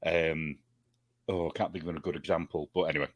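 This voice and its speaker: Deep-voiced chatty British man. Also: fairly even intonation, brisk, dry recording. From United Kingdom. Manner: chatty, laughs often, mimics accents. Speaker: guest. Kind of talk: casual chat.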